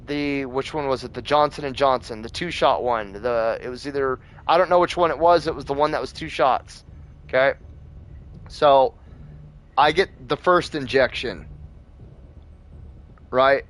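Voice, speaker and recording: A man's voice: medium pitch, fairly bright tone. A man hosting a gaming channel, telling a rambling story in a casual, profane way with plenty of fillers.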